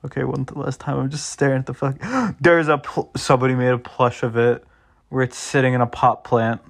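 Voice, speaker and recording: A man's voice: medium pitch, little pitch movement, a little fast, creaky. A young man chatting casually to his viewers, swearing freely and repeatedly breaking into laughter. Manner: giggly, keeps breaking into laughter. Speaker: vlogger. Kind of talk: casual rambling commentary.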